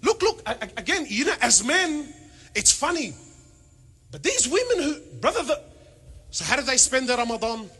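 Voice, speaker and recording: High-voiced man preaching with humor. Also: moderate pace, slightly rough. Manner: animated, rhetorical questions, mixes in Arabic phrases. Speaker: panel speaker. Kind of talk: humorous religious talk to an audience.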